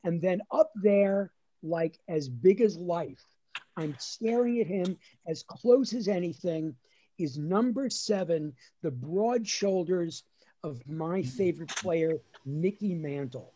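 A man, a lawyer and comedian, telling a comic childhood story in a lively, animated way on a video call. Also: sits high, slow. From New Jersey. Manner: animated storyteller acting out his dad's voice. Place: at home on a webinar.

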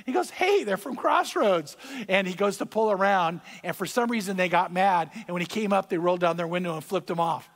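A man preaching a sermon as pastor, speaking conversationally, repeating key phrases and swelling louder on his points. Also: high voice, steady tone, fast talker, hardly any pauses, long reverb tail. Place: church sanctuary.

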